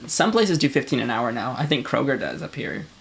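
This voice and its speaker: Gravelly Michigan guy chatting casually. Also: medium pitch, big pitch swings, brisk, a crowd in the background. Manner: rambling, restarts a lot, acts out phrases. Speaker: podcast co-host. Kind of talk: casual chat.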